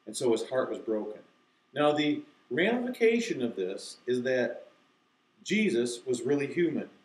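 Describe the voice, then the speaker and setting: A man explaining to teachers how to teach a verse to children, acting out slow, deliberate recitation. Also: mid-range voice, very animated, reverberant, rough recording. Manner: demonstrates, reciting key phrases slowly and deliberately. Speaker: Bible teacher. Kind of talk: instructional talk to teachers.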